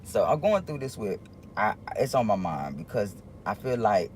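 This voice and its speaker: A man's voice: lowish voice, very animated, a little mellow, a little hiss or hum. Rambling man talking on a livestream. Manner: rambling, halting, with many restarts; earnest, confiding tone addressing viewers. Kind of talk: casual livestream monologue.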